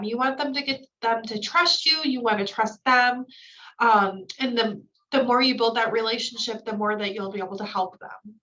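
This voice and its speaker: A woman's voice: fairly high pitch, sharp tone. Woman trainer on a distant, dull mic. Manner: reads slides then explains in casual asides. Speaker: new-hire trainer. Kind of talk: recorded training lecture.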